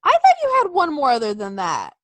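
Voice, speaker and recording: A woman co-host chatting on a podcast, her voice high and swinging widely up and down. She gushes, giggles and swears casually. The sound is close and dry. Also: wildly swooping pitch, a little fast, dry recording. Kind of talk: casual chat.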